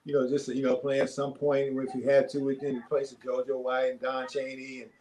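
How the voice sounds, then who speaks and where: An older man, a former basketball player, telling stories as a podcast guest in a relaxed, rambling way with many fillers. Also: medium pitch, moderate pace, slight background noise, rough recording. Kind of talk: casual storytelling.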